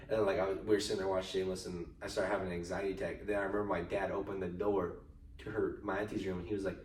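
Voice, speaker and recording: A young man chats loosely on a podcast and keeps a story rolling with slang and swearing. His voice sits a little low. The recording is roomy and distant, with faint noise underneath. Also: level tone, racing, darkish tone. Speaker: podcast co-host. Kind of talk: casual chat. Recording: roomy echo, far from mic, faint noise.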